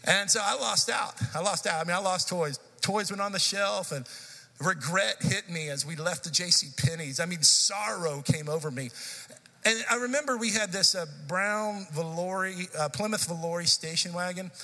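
A man in his forties preaching a sermon, telling a childhood story in a casual, animated, conversational way. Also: high-pitched, moderate pace. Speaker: pastor. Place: church sanctuary. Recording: church hall reverb.

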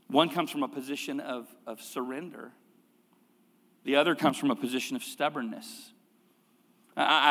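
A man's voice: medium pitch, a bit bright, big-room sound. A middle-aged male pastor preaching a sermon in a conversational way, with rhetorical questions and repeated phrases. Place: church sanctuary.

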